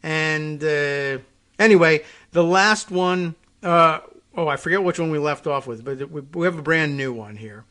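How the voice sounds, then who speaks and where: Talk host guy riffing on air, wry and rambly, kinda high voice, laughs a lot. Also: unhurried, bright, forceful tone. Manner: rambling, wry, chuckling, many fillers and restarts. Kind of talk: casual monologue reading and riffing on air.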